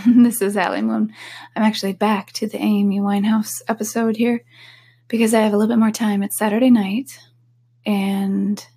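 Husky, gravelly woman chatting candidly. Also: mid-range voice. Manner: chatty and candid, drifting into soft whispers. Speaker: podcast host. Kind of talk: casual solo podcast, reading quotes.

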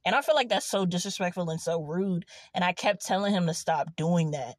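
Young woman, casual vlog from a parked car, lower voice with lively swings, rambling, close dry phone sound. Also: fairly quick, hardly any pauses, dry recording. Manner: rambling, animated storytelling with frequent laughs. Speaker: vlogger. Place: in a car in an empty parking lot.

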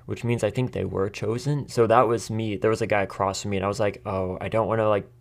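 Talking fast in a gravelly, fairly low voice with fairly even intonation, an American podcast host spins a casual story. He laughs a lot and imitates the people involved.

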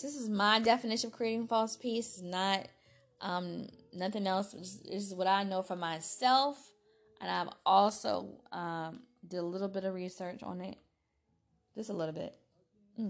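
A woman talks through her solo podcast at an unhurried, measured pace. Her pitch sits in a middle register. She is chatty and self-deprecating, often restarting her sentences. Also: creaky. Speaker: podcast host. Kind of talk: casual solo podcast talk.

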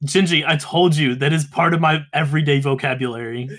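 A man co-hosting a casual podcast, his voice sitting a little high. He talks in animated bursts, swears often and breaks into laughs. His delivery is loose and conversational. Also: brisk. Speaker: podcast co-host.

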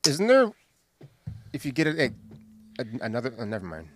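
A man's voice: medium pitch, brisk, slight background noise. A man co-hosting a podcast, chatting casually and joking around. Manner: joking, animated, laughs often. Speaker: podcast co-host. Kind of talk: casual chat.

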